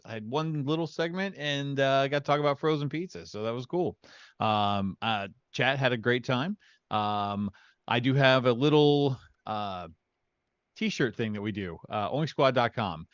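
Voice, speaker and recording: A man's voice: mid-range voice, expressive, a little slow, a bit bright, clear, resonant tone, no room sound. A man co-hosting a livestream, talking in a laid-back, easygoing way. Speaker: co-host. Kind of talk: casual livestream chat. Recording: dull lo-fi stream audio.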